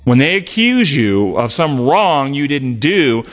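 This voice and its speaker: A man's voice: medium pitch, big pitch swings, slow pace. A man preaching a sermon in an earnest, emphatic way, acting out short quoted exchanges and closing with a prayer.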